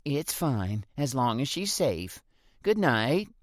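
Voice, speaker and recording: A gentle, anxious neighbor woman in an audiobook, as a male narrator puts her on. Her voice sits high and swings widely as she pleads. The reading is close and dry. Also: very animated, takes it slowly, no echo. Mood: relieved. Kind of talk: audiobook character voice.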